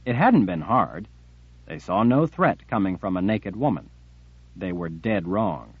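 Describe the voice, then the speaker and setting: A man reading an audiobook in a steady, measured way. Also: low-pitched, husky, no room sound, narrow, tinny audio. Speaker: audiobook narrator. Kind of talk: audiobook narration.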